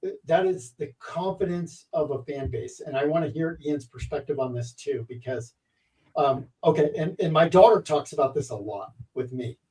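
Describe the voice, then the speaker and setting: An easygoing man hosts a relaxed conversation over a remote call and gently steers it back on track. His voice is mellow and a little high for a man. He sits back from his mic, so he sounds somewhat distant. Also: moderate pace. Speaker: host. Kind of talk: casual chat.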